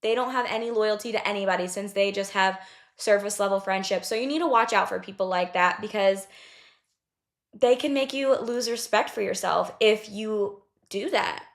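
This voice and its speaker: A woman's voice: medium pitch, moderate pace. Blunt young woman swearing casually. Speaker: podcast host. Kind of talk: casual advice talk.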